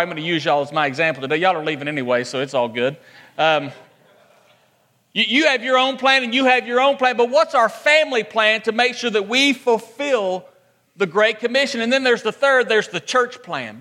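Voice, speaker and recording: Male pastor, high voice, long church reverb, rhetorical questions. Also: sharp tone. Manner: preaching with rhetorical questions and emphatic repetition. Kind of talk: sermon.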